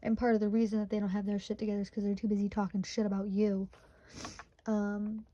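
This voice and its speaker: A woman's voice: medium pitch, level tone, quick pace, warm tone, lo-fi sound. A woman in her twenties from Michigan, giving a casual tarot reading, emotional and close to tears, full of "like" fillers. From Michigan, USA. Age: 20s. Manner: emotional, chatty, many "like" fillers. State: tearful, near crying. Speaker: tarot reader.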